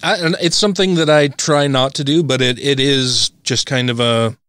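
Blunt, profane podcast co-host. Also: male voice, medium pitch, fairly even intonation, moderate pace, a bit bright, smooth, dry recording, clean studio sound. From Utah, USA. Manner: blunt, profane, laughs often. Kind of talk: casual podcast chat.

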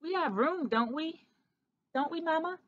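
A woman voicing an eager young boy church mouse in a storybook, squeaky and excited. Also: unhurried. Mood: pleading. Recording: dull lo-fi recording.

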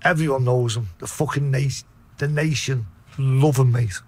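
A man's voice: medium pitch, normal speed, husky. Blunt swearing Liverpool man. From Liverpool, England. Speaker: podcast guest, debt collector. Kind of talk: storytelling on a podcast.

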